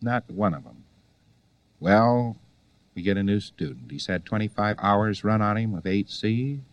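A man's voice: on the low side, animated, measured pace, no room sound. A man giving a conversational lecture to students, full of rhetorical questions and wry asides.

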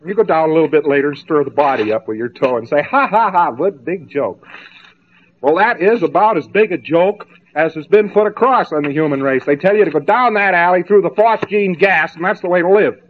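A man's voice: on the high side, lively intonation, fast, hardly any pauses. A man giving a spoken lecture, mocking and sarcastic as he tells stories to make his point. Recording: tinny narrow-band old tape.

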